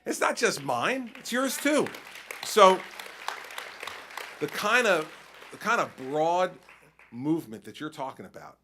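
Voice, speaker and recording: A state governor answers a conference question by telling animated stories and acting out his exchanges with people. His voice is on the high side, slow with long pauses, amid crowd noise and a noisy background.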